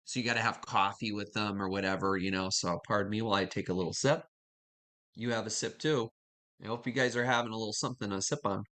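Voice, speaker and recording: A woman's voice: extremely low pitch, fast, fairly bright tone. A woman hosting a live stream from home, chatting casually with viewers and greeting them by name. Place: home kitchen.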